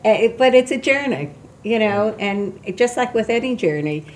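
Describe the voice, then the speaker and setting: A woman's voice: on the high side, lively intonation, normal speed, slight background noise. An older woman, a guest on a talk show, chatting and telling her story in a candid, storytelling way. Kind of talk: casual chat.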